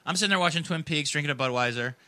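Fast, bright-voiced man telling a rambling story. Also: a little high, no echo. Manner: profane, rambling, heavy on fillers. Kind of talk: casual storytelling.

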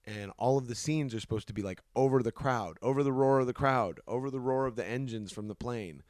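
A young man in casual podcast chat, telling lively anecdotes and slipping into quick put-on voices. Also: mid-range voice, no room sound, studio quality. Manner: animated storyteller, puts on voices in anecdotes.

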